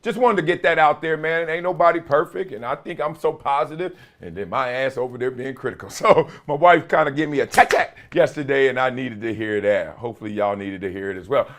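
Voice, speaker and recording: A man's voice: fairly high pitch, a bit bright. A man in his late forties hosting his own talk show in casual commentary, laughing often and using folksy slang. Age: late 40s. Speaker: host.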